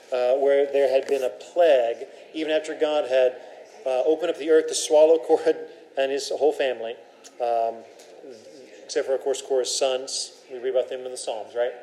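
A man's voice: medium pitch, darkish tone, slight background noise, low-quality recording. Conversational male Bible teacher. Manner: asks the class questions, conversational with fillers.

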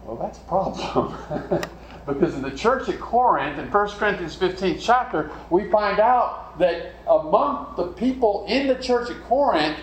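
A man's voice: high voice, animated, a little slow, reverberant, a little hiss or hum, low-quality recording. A man preaching a sermon in a conversational way, putting questions to his listeners. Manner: conversational, asks the congregation questions.

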